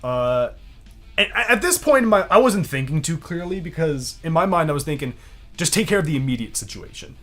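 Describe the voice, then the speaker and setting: Young male podcaster, storyteller, high and lively, does the voices, faint music underneath. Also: a little fast. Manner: animated, acts out quotes in other voices, laughs often. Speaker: podcast co-host. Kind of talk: casual storytelling.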